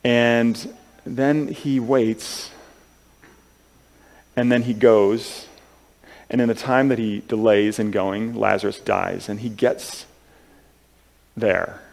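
Guy preaching, gravelly low-ish voice, keeps restarting words, earnest, goes soft then loud. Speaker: pastor. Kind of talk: sermon.

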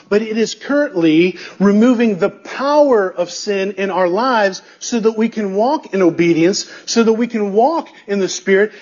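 A man's voice: sits high, darkish tone, lo-fi sound. A man preaching a sermon as a pastor. He is emphatic, repeats key phrases and asks the listeners rhetorical questions.

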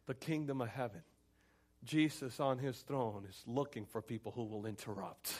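A man's voice: mid-range voice, moderate pace, a little mellow. A man pastor preaching a sermon, building intensity through repeated pleading refrains.

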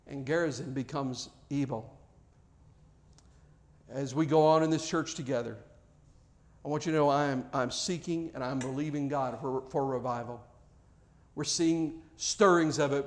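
A man preaching a sermon as pastor of his church, earnest and emphatic, often restarting words as he builds to a point. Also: fairly high pitch.

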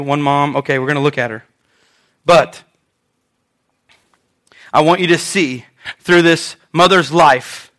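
Bright-voiced man preaching a sermon. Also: on the high side. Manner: conversational and animated, with stumbles and repeats. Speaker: pastor.

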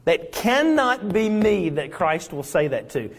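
A man's voice: very animated, a little slow, in a large hall, exaggerated voice. A man voicing a doubting believer who protests that he is unworthy, in a raised, pleading tone. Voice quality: high, protesting.

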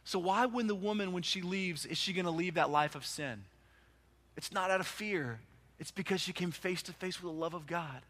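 A man preaching a sermon as pastor, impassioned, rising to loud urgent peaks and dropping to hushed quiet passages. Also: sits high, normal speed.

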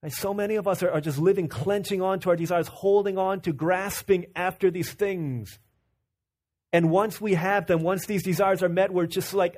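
A man's voice: high voice, steady tone, normal speed, darkish tone. A man from Virginia preaching a sermon in a conversational, storytelling way, full of restarts and asides to the room.

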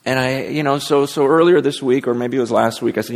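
A man's voice: mid-range voice, fairly even intonation, brisk, few pauses, in a large hall. A man preaching a sermon to his congregation, talking candidly and rambling, with many restarts. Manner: candid, rambling, self-deprecating with frequent restarts. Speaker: pastor. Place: church sanctuary.

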